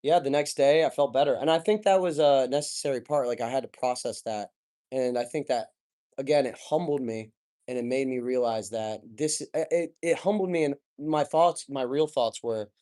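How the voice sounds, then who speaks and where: A man's voice: medium pitch, moderate pace, dark tone. A young man in his twenties as a podcast guest, telling a personal story openly and with feeling, swearing casually and saying "like" and "bro" a lot. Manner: open, emotional, swears casually, says "like" and "bro" often.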